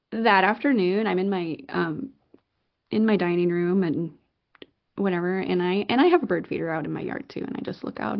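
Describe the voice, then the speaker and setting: A middle-aged woman, a podcast guest, telling a personal story in an animated, excitable way with many fillers and restarts. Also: mid-range voice, vocal fry, lo-fi sound. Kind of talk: conversational storytelling.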